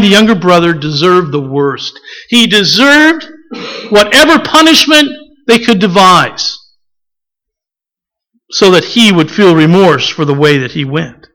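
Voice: medium pitch, sharp tone, poor audio. A preacher giving a sermon, acting out quotes from scripture and putting questions to the listeners.

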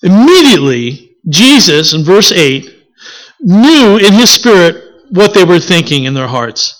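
A preacher delivering a sermon in an expressive style, asking the congregation questions and correcting themselves as they go. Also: medium pitch, unhurried. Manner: corrects themselves mid-sentence.

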